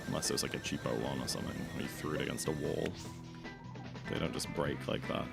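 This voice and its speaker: A man's voice: extremely low pitch, steady tone, quick pace, creaky. A man streaming a game, chatting casually and rambling while he reads and answers his chat. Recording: game music playing behind.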